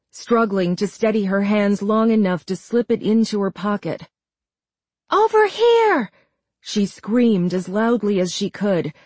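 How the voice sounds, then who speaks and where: A woman narrating a horror story in a steady, dramatic storytelling manner. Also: medium pitch, no echo.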